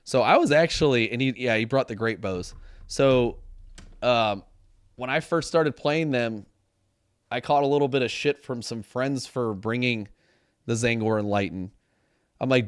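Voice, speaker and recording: A man's voice: mid-range voice, measured pace, pauses often, clear, resonant tone, no echo, studio quality. A man co-hosting a casual gaming chat show, rambling and sometimes losing his words mid-sentence. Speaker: podcast co-host. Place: home studio.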